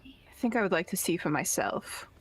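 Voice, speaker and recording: A woman's voice: lowish voice, very animated, normal speed, breathy edge. A young woman player in a tabletop game, describing her actions hesitantly with fillers.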